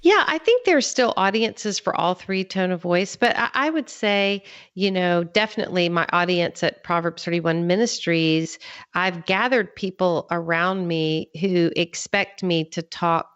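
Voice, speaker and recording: Guest author, American woman, lowish voice, earnest and explanatory; dry, dull recording. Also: a bit bright, clear, resonant tone, no echo. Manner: earnest, explanatory, measured teaching tone. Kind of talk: podcast interview.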